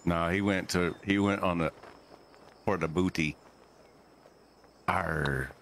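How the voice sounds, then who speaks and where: A man's voice: deep voice, steady tone, normal speed, fairly bright tone, slight background noise. A man chatting casually on a livestream, loose, profane and joking. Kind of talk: casual chat.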